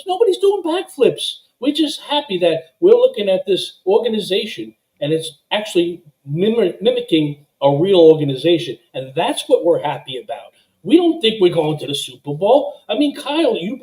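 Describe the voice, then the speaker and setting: A man's voice: sing-song, moderate pace, darkish tone, poor audio. A man calling into a sports show by video call, ranting in a heated, emotional way. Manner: emotional, heated, swinging pitch. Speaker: caller. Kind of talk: excited call-in rant.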